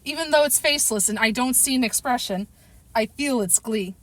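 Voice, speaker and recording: A woman's voice: a little high, a little fast, no echo. A woman narrating a first-person audiobook chapter, reading expressively and now and then correcting herself. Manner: expressive storytelling, occasional self-corrections.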